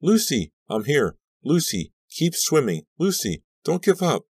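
A man's voice: low-pitched, animated, normal speed, dry recording, studio quality. A man voicing a terrified teenage girl who shrieks and pleads desperately. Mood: screaming.

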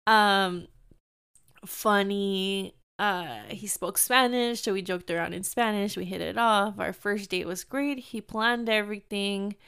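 A young woman casually telling a dating story, chatty and full of "like", acting out quoted lines in a higher voice. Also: a little slow, fairly bright tone, clean tone. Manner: chatty, fillers "like" constantly, acts out quotes in higher pitch. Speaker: storyteller sharing dating experiences.

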